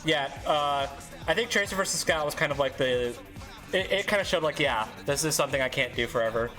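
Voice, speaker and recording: A man's voice: a little high, lively intonation, brisk, bright, forceful tone, soft background music. A man co-hosting a casual podcast chat, hesitant with many fillers. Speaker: podcast co-host.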